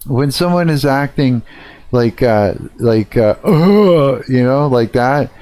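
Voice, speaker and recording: A man's voice: mid-range voice, measured pace, a little mellow, clear, resonant tone, no echo. A middle-aged man ranting casually on a live stream, swearing a lot and rambling with fillers.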